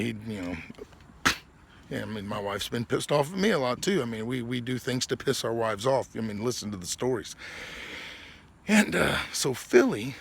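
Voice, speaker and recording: A man's voice: mid-range voice, creaky, husky. A man hosting his own podcast, telling a rambling, profane story and laughing through it. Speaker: podcast host. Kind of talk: casual storytelling monologue.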